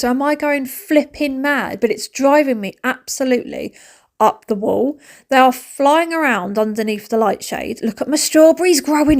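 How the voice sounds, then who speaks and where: A woman's voice: high-pitched, normal speed. A woman, chatting animatedly in a home cleaning vlog, dropping to whispers and rising to squeals. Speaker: vlogger. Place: family home.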